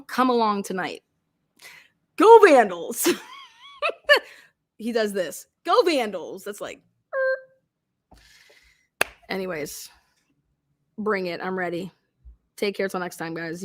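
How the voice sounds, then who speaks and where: A woman hosting a true crime livestream, ranting casually and loudly with a lot of swearing. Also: mid-range voice. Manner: rowdy, swearing, animated. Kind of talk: casual profane livestream rant.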